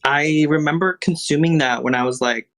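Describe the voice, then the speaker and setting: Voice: medium pitch, normal speed, a bit bright. A young adult guest in casual chat, telling a story in a reflective way.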